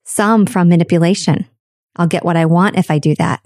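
A woman speaks candidly in a reflective monologue, with a fairly low and mellow voice. Her delivery is dry and close, with no room sound. She stretches key words for emphasis as she tells stories. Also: no echo. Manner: candid, storytelling, drawn-out emphasis.

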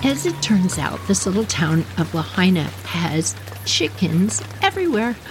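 A middle-aged woman hosting a podcast, telling a personal story in an animated, chatty way and speaking directly to her listeners. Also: on the low side, unhurried, faint music behind. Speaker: podcast host. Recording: loud background noise.

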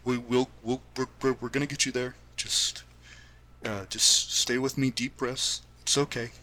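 A man's voice: fairly low pitch, a loud crowd, natural voice. A man voicing a flustered father in a tabletop game, stammering as he soothes his daughter. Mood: calming. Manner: stammering, halting reassurance.

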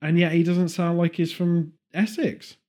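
A man's voice: fairly high pitch, flat delivery, measured pace, a little mellow. A man from Birmingham with a Birmingham accent, chatting casually and rambling, laughing often. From Birmingham, England. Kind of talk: casual chat.

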